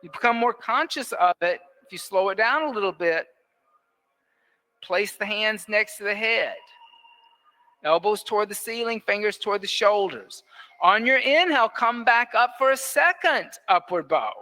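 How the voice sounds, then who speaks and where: A man with a bright, clear voice leads a yoga class in an indoor studio. He calls out poses and counts each breath in a steady rhythm, and he often teases his students playfully. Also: sits high, moderate pace. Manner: playful, teasing instructor who counts breaths aloud. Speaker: yoga teacher. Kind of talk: guiding a live yoga class.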